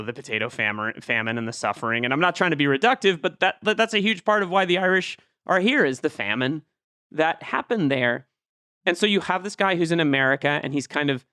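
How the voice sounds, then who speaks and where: A man's voice: medium pitch, bright, forceful tone, smooth, dry recording, clean studio sound. A man co-hosting a film podcast, animatedly building an argument in casual talk. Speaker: podcast co-host.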